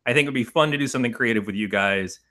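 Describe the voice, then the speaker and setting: A middle-aged man co-hosting a horror movie podcast in casual chat, animated and profane, rambling through his points. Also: medium pitch, rapid-fire. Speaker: podcast co-host.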